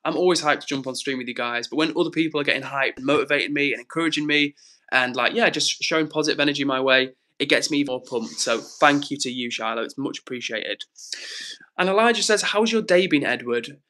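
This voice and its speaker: A man's voice: mid-range voice, fairly even intonation, fast, bright, forceful tone. A man hosting his own live stream, chatting casually and reading out viewer comments in an upbeat way.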